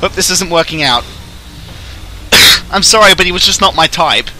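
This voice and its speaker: Excitable Australian man, bright high voice. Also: moderate pace, low-quality recording. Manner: excitable, joking, shouts battle cries. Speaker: streamer. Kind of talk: casual gameplay commentary.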